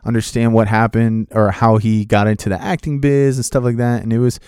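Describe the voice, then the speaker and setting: A man casually telling a story from his own life, loose and lively, slipping into the voices of the people he quotes. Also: lowish voice, brisk, smooth, no room sound, studio quality. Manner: animated, acts out other people's voices in quotes; loose, filler-heavy delivery with restarts. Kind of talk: casual spoken anecdote.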